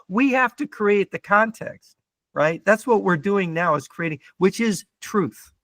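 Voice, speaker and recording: A man's voice: high-pitched, measured pace, fairly bright tone, no room sound. A man who is a guest on a podcast, debating in a lecturing way and often checking in with "right?". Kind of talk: debate-style conversation.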